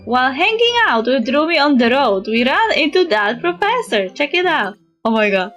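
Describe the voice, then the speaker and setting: High-voiced woman streamer reading a game. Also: very animated, moderate pace, a bit bright, soft background music.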